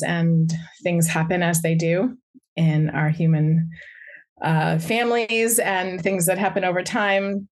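A woman psychotherapist giving a talk, speaking in a reflective, gentle way with pauses and fillers. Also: fairly low pitch. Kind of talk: talk to a live audience.

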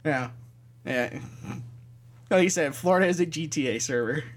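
A young man with a Michigan accent, talking in a slightly high voice. He co-hosts a casual podcast chat, teasing his friend and swearing freely as he jokes. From Michigan, USA. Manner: profane, teasing and quick to joke. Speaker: podcast co-host.

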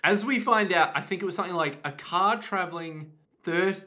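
Casting: jokey podcast co-host, man, bright slightly high voice. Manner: jokey, riffing, quick to chime in. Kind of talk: casual chat.

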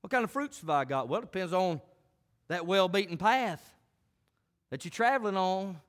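A man preaching a folksy country sermon, building up to shouted, fervent passages. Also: high voice, animated, moderate pace. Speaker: pastor.

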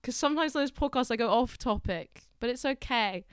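Podcast host, young woman, high bright voice, laughs often, drifts off topic; clean, dry close-mic sound. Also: animated, fairly quick, smooth, dry recording. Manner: giggly, chatty, easily sidetracked. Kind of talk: casual podcast interview.

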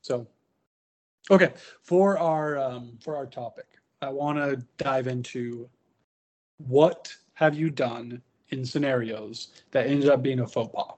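A man hosting a relaxed podcast chat about tabletop wargaming, rambling with restarts and fillers. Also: mid-range voice, takes it slowly. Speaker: podcast host.

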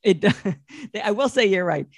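A young man riffs in a loose, comic chat, stumbling through restarts and laughing at his own jokes. His voice sits fairly high, and it sounds dry and close with no room around it. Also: animated, unhurried, gravelly, slightly rough, no echo. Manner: rambling, laughs often, many restarts. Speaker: podcast host. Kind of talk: casual comedic chat.

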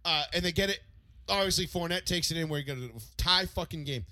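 A man co-hosting a casual chat show, telling a story in an excitable, profane way with loud re-enacted outbursts. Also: on the high side, fast talker, no room sound. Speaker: podcast co-host.

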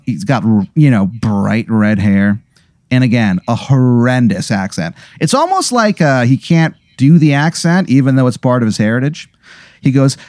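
Male game master, animated and sweary storyteller, dry close sound. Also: medium pitch, dry recording. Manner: rambling, profane, laughing storyteller. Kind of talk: improvised comedic scene narration.

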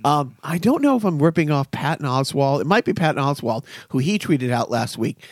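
A man's voice: a little high, very animated, brisk, dry recording, clean studio sound. A man in his fifties hosting a casual chat, telling rambling stories and laughing often. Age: 50s. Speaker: podcast host.

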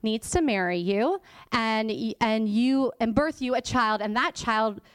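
In a dry recording, a woman with a slightly high, clean-toned voice preaches at a measured pace. She's a guest church teacher whose conversational sermon is chatty and informal, full of laughter and whispered emphasis.

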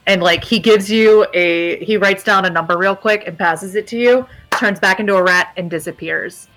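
A woman runs a tabletop game in a casual, rambling way. Her voice is bright, at a middle pitch, and soft music plays faintly behind her. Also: normal speed. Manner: casual, rambling with fillers, laughs easily. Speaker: game master.

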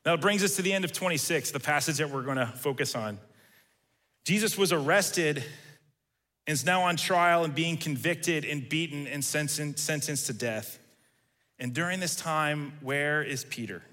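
Male preacher, casual sermon delivery, bright tone, big reverberant room. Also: fairly high pitch, moderate pace. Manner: conversational, acts out quoted lines. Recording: reverberant hall.

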